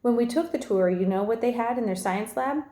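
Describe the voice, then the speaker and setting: Woman voicing a gentle, patient mom, storybook read-aloud, slightly raised, echoey room. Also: fairly high pitch, fairly quick, voice pushed up, natural voice. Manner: gentle and persuasive. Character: gentle, patient mother coaxing her son.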